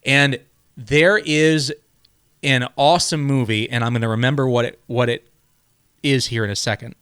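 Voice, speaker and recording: A man's voice: medium pitch, fairly even intonation, moderate pace, a bit bright, clean tone. A man hosting a podcast, talking in a casual, motivational way. He rambles, repeats his words and keeps checking in with "right?". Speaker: podcast host.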